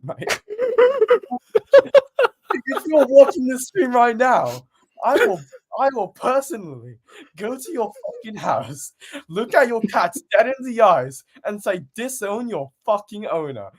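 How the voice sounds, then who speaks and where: Man, podcast co-host, lively swings in pitch, loud, swearing banter. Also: unhurried, breathy edge. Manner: animated, swears a lot, breaks into laughter. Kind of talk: casual chat.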